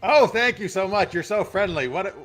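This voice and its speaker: A man's voice: high-pitched, animated, fairly quick, a bit bright, faint music behind, pitched above the performer's own voice. A man voicing an overly polite young woman adventurer who gushes and apologizes. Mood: gushing.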